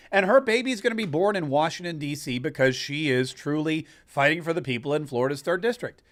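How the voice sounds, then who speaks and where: A male host delivers political commentary in a rather high voice, pressing each point with emphatic, sarcastic rants. He builds momentum, repeating phrases to hammer home his argument. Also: lively intonation, a little fast, few pauses, a bit bright.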